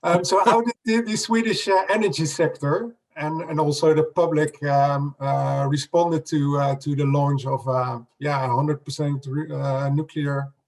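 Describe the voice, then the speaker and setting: A man's voice: fairly high pitch, fairly even intonation, measured pace, few pauses, darkish tone. Distant male interviewer. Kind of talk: interview questions. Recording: voice distant from the mic.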